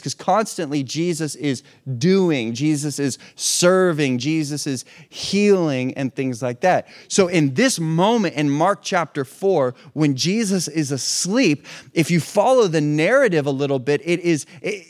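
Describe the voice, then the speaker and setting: A man preaching a sermon in a conversational way, asking rhetorical questions and restarting his phrases. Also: sits high. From hurricane-prone region. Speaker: pastor.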